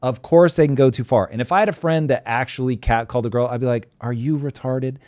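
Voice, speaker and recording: A man's voice: mid-range voice, fast, a little mellow, dry recording, studio quality. A man hosting a live talk show, chatting bluntly and animatedly, swearing freely. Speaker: host. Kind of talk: casual live show chat.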